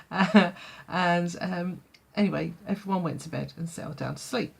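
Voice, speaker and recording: A woman's voice: lowish voice, a little slow, vocal fry, husky. A woman telling a childhood story in a vlog, chatty, full of fillers and laughing often. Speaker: vlogger.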